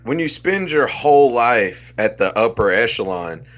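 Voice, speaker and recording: A man's voice: medium pitch, animated, normal speed, a bit bright. A man co-hosting a casual podcast over a video call, laid-back and joking. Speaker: podcast co-host. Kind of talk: casual chat.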